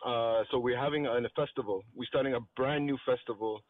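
A man's voice: mid-range voice, steady tone, fairly quick, no room sound. Guy phoning in about a festival, phone-line sound, friendly. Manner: friendly, explains plans step by step. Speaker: festival organizer caller. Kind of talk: radio call-in.

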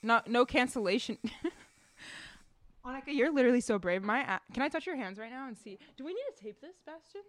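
A young woman chatting with her friends in an excitable, giggly way. Her voice sits a little high and swings up and down a lot, and she gushes easily. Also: fairly quick, dry recording. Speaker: friend in a group vlog. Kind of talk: casual chat among friends.

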